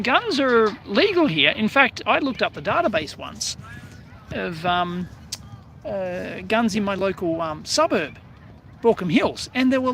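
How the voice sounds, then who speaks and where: A man's voice: high voice, vocal fry, bright, forceful tone, a little hiss or hum. An Australian man hosting a casual outdoor live stream, chatting and greeting viewers by name in a rambling way. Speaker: livestream host.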